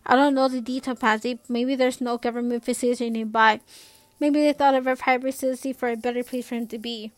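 A woman reading as a calm, firm old grandfather. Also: a little high, fast, no room sound, lightly acted. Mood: steady. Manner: steady and firm.

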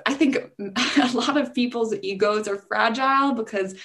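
A young woman in a relaxed podcast interview, her voice sitting a little high. She talks fast and loose, leaning on "like" constantly. She slips into mocking voices when she quotes people. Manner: chatty, heavy use of "like", acts out quoted voices. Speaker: podcast guest.

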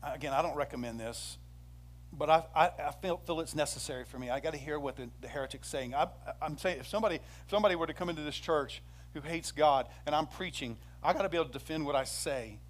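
A man preaching a sermon as pastor, telling a Bible story with lively acted-out quotes. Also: on the high side, quick pace. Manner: animated storytelling, acts out quoted speech.

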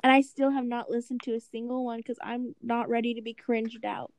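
Chatting casually as a podcast co-host, this young woman tells animated stories and giggles often. She talks briskly in a slightly high voice.

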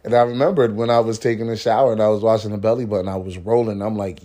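A man's voice: fairly low pitch, steady tone, quick pace, hardly any pauses, dark tone. A man hosting a casual motivational podcast, talking in a laid-back, slangy way, swearing freely and laughing at his own stories. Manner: slangy, says "man" often. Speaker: podcast host.

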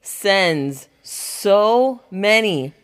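A woman's voice: mid-range voice, lively intonation, very slow, clean tone. A woman, co-hosting a podcast in casual chat, sarcastic and laughing often. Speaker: podcast co-host.

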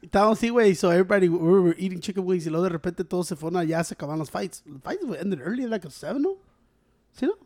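Fast, high-voiced guy. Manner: profane, mixes English and Spanish, animated storyteller. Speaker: podcast co-host. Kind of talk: casual chat.

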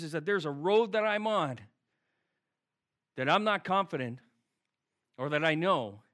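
A man's voice: fairly high pitch, fairly bright tone. A man speaking as a pastor, praying and then preaching a sermon in a conversational way, full of rhetorical questions. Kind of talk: sermon with prayer. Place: preaching to an online audience at home.

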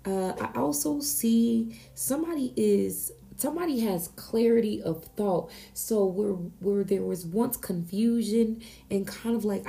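A woman hosts an oracle card reading with a very dark, mellow tone and a gravelly edge of vocal fry. She talks in a casual, unscripted way, earnest and exclamatory, often restarting her sentences as she channels her messages. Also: mid-range voice, a little slow. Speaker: oracle card reader and podcast host.

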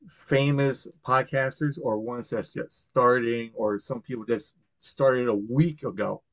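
Rambling, profane podcast host, lo-fi. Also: male voice, mid-range voice, no echo. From Long Island, New York. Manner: rambling and profane, with many fillers and restarts. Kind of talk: casual podcast chat. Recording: dull, lo-fi, dry sound.

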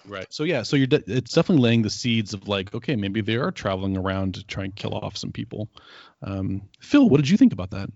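A man's voice: on the low side, sing-song, fast, gravelly, a little mellow, no room sound, dull audio. A man co-hosting a podcast, casually recapping an episode with rambling asides and filler words. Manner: rambling, lots of ums and quoted asides. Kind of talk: casual chat.

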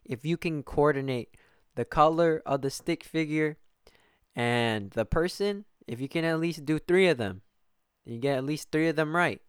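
Here a young man runs his podcast by himself, talking casually and rambling, with heavy swearing and frequent restarts. His voice is a little high and smooth at a moderate pace, and the clean studio recording has no echo.

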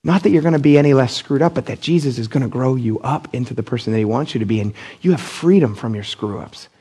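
In a church, a middle-aged pastor from Pennsylvania delivers a casual, blunt sermon, acting out the people he quotes with big leaps in his voice. He speaks quickly at medium pitch, in a mellow, slightly rough tone.

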